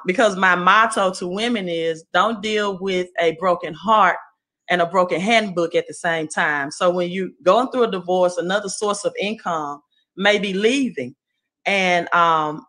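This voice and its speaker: A woman with a Southern accent giving an earnest, motivational testimonial on a group call, with many pauses and "right?"s. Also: lowish voice, sharp tone. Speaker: guest speaker.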